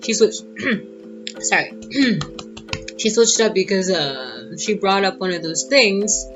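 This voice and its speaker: A woman telling a personal story in a casual, animated and sassy way. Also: medium pitch, takes it slowly. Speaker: vlogger. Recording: dull lo-fi audio with guitar music.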